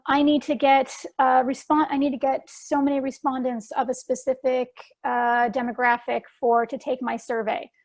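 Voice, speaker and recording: A woman answering questions at an online talk in a chatty way, with lots of fillers and restarts. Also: high voice. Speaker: guest speaker answering questions. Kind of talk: casual conference Q&A.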